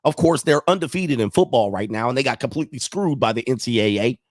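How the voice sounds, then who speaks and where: A man of ordinary pitch hosts a loose sports livestream, wandering from point to point and thinking out loud. His voice sounds dry and close, with no room around it. He chuckles between thoughts. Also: animated, fast talker, no room sound. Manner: rambling, thinks aloud, chuckles often. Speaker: sports show host. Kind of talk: casual livestream sports chat.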